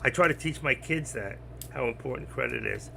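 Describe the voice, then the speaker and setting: An older man talking bluntly and rambling on a trading live stream, getting louder as he teaches. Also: mid-range voice, brisk, vocal fry, a little hiss or hum. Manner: blunt, rambling, gets loud when teaching. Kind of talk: casual live-stream talk.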